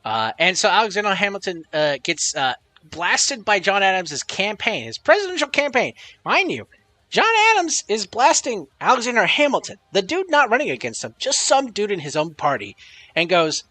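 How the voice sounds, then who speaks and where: A man's voice: high-pitched, very animated, moderate pace, pushed and bright, no echo. A man streaming live, chatting casually and rambling with lots of swearing while reading chat messages aloud.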